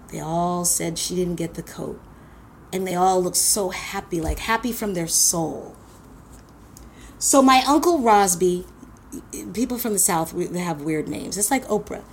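A woman from Queens, telling a personal story in a blunt, animated way and swearing freely. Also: lowish voice, slight background noise. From Queens, New York.

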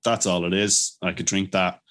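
A brewery owner appears as a guest in a casual podcast interview, eagerly telling stories full of fillers and restarts, with animated quoted voices. His voice is low and moves at normal speed.

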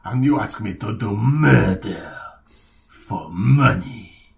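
A man doing a mock French accent as a soft-spoken, menacing godfather of a French mafia. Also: fairly low pitch, lively intonation, slow, gravelly, recorded from a distance, heavily acted. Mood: mock solemn. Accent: put-on French.

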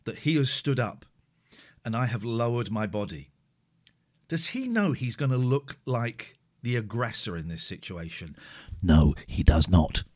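A man streaming live, reacting to a clip of himself with mocking commentary and hushed asides. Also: medium pitch, normal speed. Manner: animated and mocking, drops to a hushed inner voice.

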